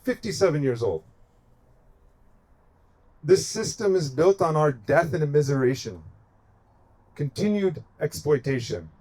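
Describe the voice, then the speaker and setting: A man's voice: fairly high pitch, very animated, unhurried, pauses often, darkish tone, husky. A man from the United States giving an impassioned speech at a protest encampment, building his points through emphatic, repeated phrases. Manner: emphatic, repetitive rhetorical cadence. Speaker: activist speaker at a protest encampment.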